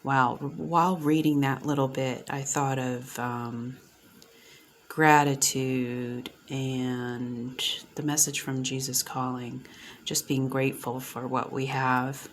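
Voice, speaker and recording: A woman reading spiritual oracle cards aloud, soft-spoken and gushing, sometimes dropping to near-whispers. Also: rumbling low, level tone, takes it slowly, a little hiss or hum. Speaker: oracle card reader.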